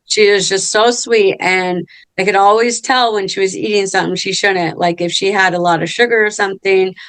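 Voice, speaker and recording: A woman's voice: medium pitch, fairly even intonation, normal speed, a bit bright, dry recording. A middle-aged woman co-hosting a casual podcast chat, telling family stories in a chatty way. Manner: chatty storyteller, acts out quotes. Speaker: co-host.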